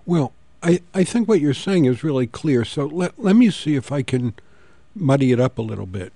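A middle-aged man hosts a public radio call-in show, his voice mellow and gravelly. He speaks in a thoughtful, halting way, restarting his phrases. The studio sound is close and dry. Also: medium pitch, sing-song, no room sound. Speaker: radio talk show host. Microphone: studio microphone.

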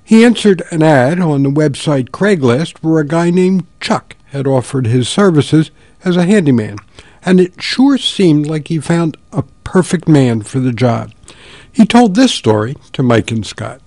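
A man hosting a public radio talk show, introducing guests and telling a story in a calm, measured way. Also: fairly high pitch, no echo.

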